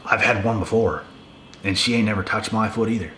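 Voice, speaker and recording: A man's voice: fairly low pitch, fairly even intonation, brisk, fairly bright tone, a little hiss or hum. A young man in a blunt, casual rant to the camera, profane and emphatic, often repeating himself. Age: young adult. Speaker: video creator. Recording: echoey room with faint ambience.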